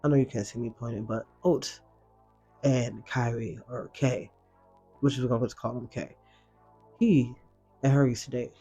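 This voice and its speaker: Slangy, expressive man recapping a show. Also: medium pitch, moderate pace, long pauses, slightly rough, soft background music. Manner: slangy, expressive, swears freely. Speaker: reaction video host. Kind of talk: casual recap commentary.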